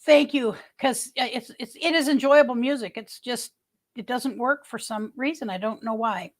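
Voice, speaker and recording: Over a webcam microphone, a middle-aged woman with a fairly high voice hosts a casual livestream at a moderate pace. She rambles as she chats, often restarting her sentences, and greets viewers by name.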